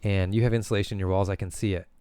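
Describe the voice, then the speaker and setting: A man's voice: low-pitched, steady tone, racing, warm tone, smooth. A Nova Scotian man, a guest developer, talking bluntly with crude humor and rhetorical questions. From Canada. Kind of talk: casual chat.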